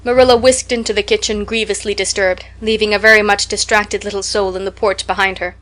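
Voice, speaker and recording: A woman with a mid-range voice reads a classic novel aloud as an audiobook narrator. Her scripted narration is measured and expressive.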